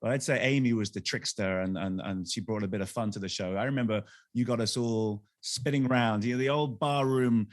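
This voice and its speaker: A man talks quickly through his stories, animated, acting out the people he quotes. The recording is dry and close, with no room sound. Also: fairly low pitch, no echo. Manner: animated anecdotes, acts out quoted voices. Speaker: podcast co-host. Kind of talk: casual storytelling chat.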